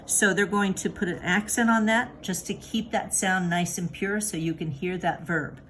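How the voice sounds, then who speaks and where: A woman's voice: fairly low pitch, steady tone, normal speed, a bit bright, slight background noise. A woman teaching a recorded grammar lesson, patient and encouraging, with many fillers and restarts. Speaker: Spanish teacher.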